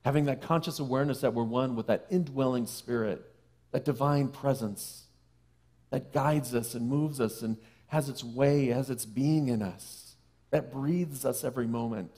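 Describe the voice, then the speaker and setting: Guy preaching a sermon in a church, talks to the people like friends, drops soft and slow for the key bits. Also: mid-range voice. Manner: conversational, playful asides to the congregation; slows and softens for key phrases. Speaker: minister. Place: church sanctuary.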